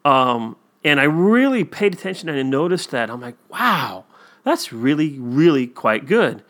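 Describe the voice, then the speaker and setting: A man's voice: on the high side, big pitch swings, moderate pace, a bit bright. A man co-hosting a casual talk about a TV episode, telling stories with many fillers and acting out the quotes. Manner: rambling storyteller, many fillers, acts out quotes.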